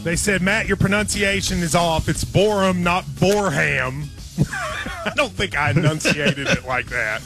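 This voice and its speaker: A man's voice: fairly high pitch, moderate pace, over music. Chatty male sports radio host. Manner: chatty, excitable storyteller. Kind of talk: casual sports radio chat. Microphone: studio microphone.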